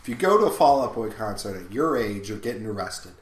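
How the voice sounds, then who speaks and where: A man's voice: lowish voice, sing-song, fast, roomy sound, a little hiss or hum. A man co-hosting a podcast who jokes, teases and swears in casual chat. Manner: teasing, joking, profane. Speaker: podcast co-host.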